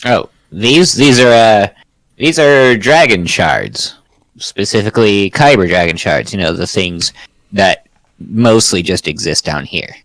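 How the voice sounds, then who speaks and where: A man's voice: on the low side, expressive, unhurried, a bit bright, no room sound. Laid-back man playing a tabletop game. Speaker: player. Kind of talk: casual tabletop game chat.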